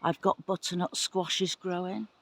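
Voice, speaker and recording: Excitable woman on a garden tour. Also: on the low side, a little slow. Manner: excitable, gasping, apologetic. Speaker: gardening vlogger. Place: outdoor garden plot, windy.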